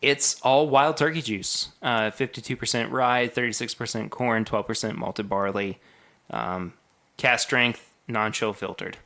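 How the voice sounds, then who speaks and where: A man's voice: medium pitch, unhurried, creaky, bright, forceful tone. A man co-hosting a podcast, chatting casually and upbeat, listing product details. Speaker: podcast co-host. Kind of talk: casual chat.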